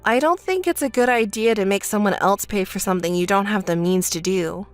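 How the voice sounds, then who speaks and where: A woman voicing a calm, sensible young woman who speaks in a flat, firm and unimpressed way. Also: mid-range voice, fairly quick, soft background music, close to an everyday voice. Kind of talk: texting-story voice acting.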